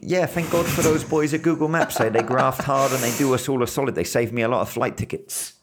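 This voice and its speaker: A man's voice: mid-range voice, fairly quick, noisy background. Teasing male podcast host. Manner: teasing, crude banter. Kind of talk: casual chat.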